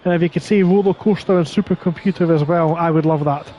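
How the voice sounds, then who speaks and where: A man with a fairly high voice calls a sim race live. He is chatty and breaks off to answer viewer chat between the action. A faint noise sits under the recording. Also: fairly even intonation, quick pace, mellow, lo-fi sound. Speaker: sim racing commentator.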